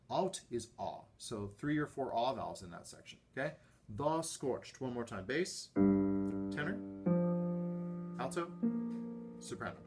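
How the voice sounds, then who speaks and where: A man directing a choir rehearsal over a video call, patiently explaining breaths and vowels and singing lines himself. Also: mid-range voice. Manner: patient, counts and sings sung lines himself. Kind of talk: online choir rehearsal instruction.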